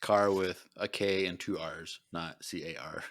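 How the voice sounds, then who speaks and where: A man co-hosting a podcast, recapping an episode in casual chat and acting out the characters' lines in quick put-on voices. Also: low-pitched. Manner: animated retelling with quick voiced impressions. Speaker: podcast co-host.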